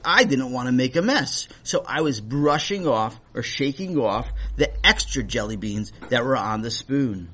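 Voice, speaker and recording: A man's voice: medium pitch, animated, moderate pace, few pauses, pushed and bright, pitched below the performer's own voice. A man doing a puzzled, defensive dinner guest. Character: puzzled adult male guest at a celebration.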